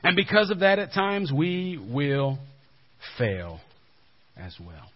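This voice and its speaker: A male pastor giving a sermon in a conversational way, dropping to a hushed low voice for emphasis. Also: very animated, slow. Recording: dull lo-fi recording.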